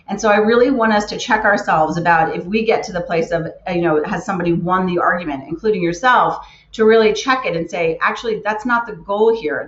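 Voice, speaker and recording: A keynote speaker gives an earnest motivational talk, driving her points home by repeating words. Her voice is mid-range and a bit bright, captured in a roomy, muffled lo-fi recording.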